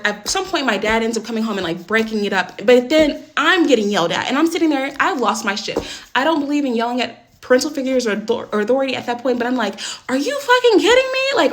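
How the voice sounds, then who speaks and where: A young woman telling a personal story in a casual storytime vlog, blunt and swearing often, speeding up and getting animated when upset. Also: fairly high pitch.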